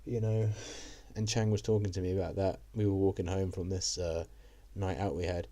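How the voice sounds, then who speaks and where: A man's voice: deep voice, level tone, normal speed, warm tone. A young man telling a casual story to camera, rambling with lots of fillers and swearing. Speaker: vlogger.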